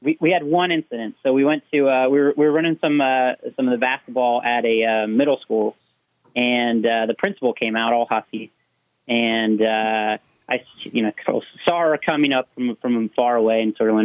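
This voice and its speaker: A man, a youth basketball coach calling in, telling a story in a heated, halting way with many fillers, heard over a tinny phone line. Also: medium pitch, dry recording. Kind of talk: casual storytelling.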